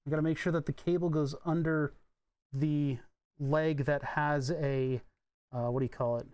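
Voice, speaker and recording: A man's voice: fairly high pitch, steady tone, moderate pace, darkish tone, clean tone, no room sound. Wry, rambling man at a workbench. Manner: rambling, wry, swears casually. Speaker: electronics hobbyist streamer. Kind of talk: casual live-stream chat while tinkering. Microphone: desk microphone.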